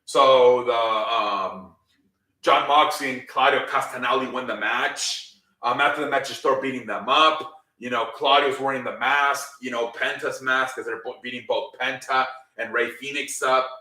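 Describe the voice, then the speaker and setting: A man talks through last night's wrestling in a loose, rambling way, full of "um" and casual swearing. His voice is bright and forceful. He sits back from the mic in a roomy space, so his words echo. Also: medium pitch, fairly even intonation, normal speed, far from the mic. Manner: rambling, filler-heavy, swears freely. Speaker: wrestling show recap host. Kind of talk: casual spoken recap.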